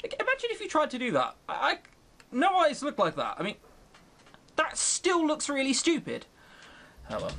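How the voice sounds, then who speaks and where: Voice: high voice, huge pitch swings, moderate pace, long pauses, a bit bright. Sarcastic game streamer. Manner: sarcastic, mocking, chatty. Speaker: let's-play host. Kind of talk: game commentary, reading a visual novel aloud. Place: home room on webcam. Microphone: close desk mic.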